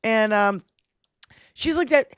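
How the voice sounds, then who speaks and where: Brief: woman livestream host, brash and profane storyteller, high pitch. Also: takes it slowly, clean tone, dry recording. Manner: loud, profane, animated retelling. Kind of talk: casual storytelling chat.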